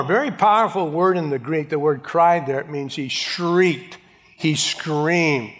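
A man's voice: fairly high pitch, measured pace, fairly bright tone. A man preaching a sermon, reading scripture aloud and acting out its voices with dramatic swings. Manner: dramatic, acts out Bible voices. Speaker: pastor. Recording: long hall reverb.

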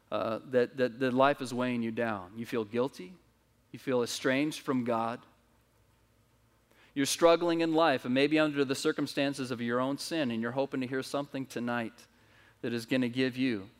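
A man preaching a sermon at a church service, telling a story earnestly with frequent restarts. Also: mid-range voice. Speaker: pastor. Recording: reverberant church hall.

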